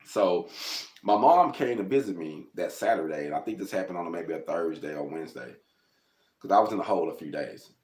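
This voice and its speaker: A man's voice: low voice, lively intonation, a little fast, a little mellow. Man telling a personal story, echoey room. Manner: conversational, rambling, addresses listeners as y'all. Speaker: storyteller telling his own life story.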